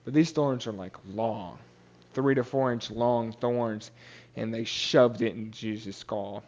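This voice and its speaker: A man's voice: medium pitch, slow pace, a little mellow, lo-fi sound. A young man hosting a podcast, retelling a Bible story in casual talk, with many fillers and restarts and quotes acted out in character. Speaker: podcast host.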